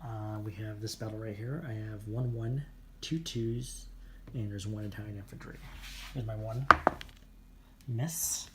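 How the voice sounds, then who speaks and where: A man's voice: on the low side, fairly even intonation, measured pace, long pauses, heavy background noise. A man narrating his own turn in a tabletop strategy game, methodically counting out moves and dice rolls as he goes. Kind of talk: casual tabletop game commentary.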